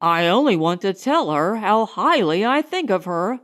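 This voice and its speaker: A woman reading an audiobook voices a genial young gentleman with an easygoing, hearty manner. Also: mid-range voice, sing-song, moderate pace.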